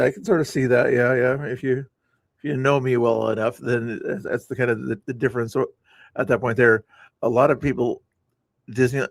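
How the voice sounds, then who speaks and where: A man's voice: mid-range voice, steady tone, normal speed, gravelly, no room sound. A man reviewing his own stream, talking casually in a rambling way, repeating words and restarting sentences, with sarcastic asides. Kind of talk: casual commentary over stream playback.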